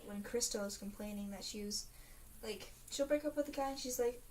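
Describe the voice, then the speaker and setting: A woman's voice: fairly high pitch, a little fast, darkish tone. A teenage girl chatting in a casual video diary, rambling and dramatic, full of fillers. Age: teens. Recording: faint hiss, mic a bit distant.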